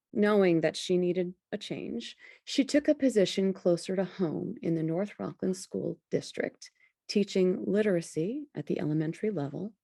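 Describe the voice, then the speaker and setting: A woman hosting a podcast interview, introducing her guest and then reflecting in a measured, deliberate way. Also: mid-range voice, creaky, warm tone, no room sound, clean studio sound. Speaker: podcast host.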